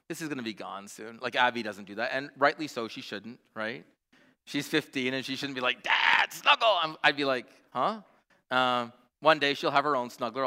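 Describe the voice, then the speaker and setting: A man's voice: medium pitch, bright, forceful tone, smooth, in a large hall. A man in his forties preaching a sermon, telling family stories earnestly with frequent fillers and restarts. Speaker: pastor. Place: church.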